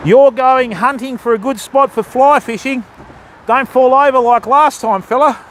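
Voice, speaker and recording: An Australian man with a very high voice hosts a live fishing stream outdoors, chatting and joking with viewers as he casts. He talks at a normal speed in a casual stream-chat style, with slight background noise.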